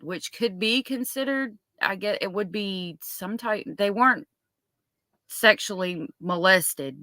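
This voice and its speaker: A woman's voice: mid-range voice, slow pace, bright, forceful tone, dry recording. A woman hosting a casual true-crime livestream, talking in an emotional, apologetic way with many fillers. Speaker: livestream host.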